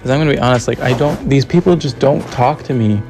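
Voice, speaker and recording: Gravelly young man rambling about strategy. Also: medium pitch, fast, a little mellow, soft background music. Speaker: contestant. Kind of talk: confessional video diary.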